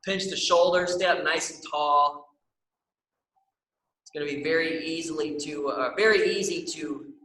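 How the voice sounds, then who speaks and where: A man's voice: a little high, bright, forceful tone, echoey room, far from the mic, low-quality recording. A young man leading a stretching class, upbeat and encouraging, often checking in with the class. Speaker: exercise class instructor.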